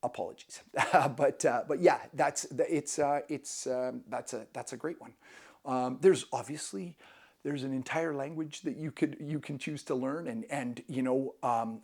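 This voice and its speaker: Man, travel vlog host; gravelly, fry-edged voice, mid pitch; upbeat, self-deprecating chat. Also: darkish tone. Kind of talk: casual travel tips talk.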